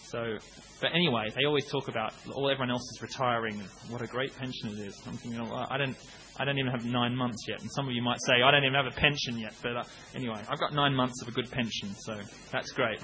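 Bright-voiced man preaching. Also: mid-range voice, fairly even intonation, quick pace, hardly any pauses, a little hiss or hum, rough recording. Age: 30s. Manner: conversational, with bursts of acted-out shouting. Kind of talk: sermon.

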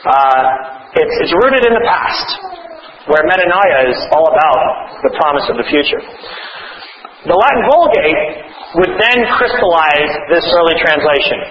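A man's voice: a little high, animated, unhurried, slight background noise. A man preaching a sermon to an audience in a hall, earnest, often restarting his words and adding wry asides. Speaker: preacher and author. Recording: roomy, slightly dull recording.

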